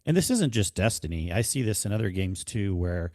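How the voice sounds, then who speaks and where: Calm, low-voiced man guesting on a podcast. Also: fairly quick, dry recording, studio quality. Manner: calm, patient, soft-spoken. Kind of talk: casual gaming podcast chat.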